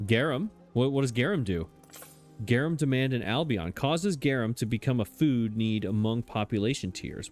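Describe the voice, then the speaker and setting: A man hosting a let's play, thinking aloud in a chatty, puzzled way and poking fun at his own mistakes. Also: on the low side. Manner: self-mocking, chatty. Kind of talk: casual gameplay commentary.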